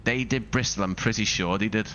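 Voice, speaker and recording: A man's voice: on the low side, fairly quick, bright, forceful tone, dull audio, slight background noise. Chatty Scouse man streaming a game. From Liverpool, England. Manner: rambling, thinks aloud, chatty asides to viewers. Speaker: flight sim streamer. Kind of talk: casual live-stream commentary.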